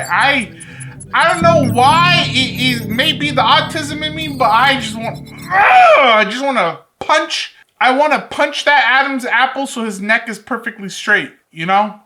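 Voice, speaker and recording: A woman's voice: medium pitch, sharp tone. A woman hosting a reaction video, giving casual, jokey commentary full of sarcastic asides.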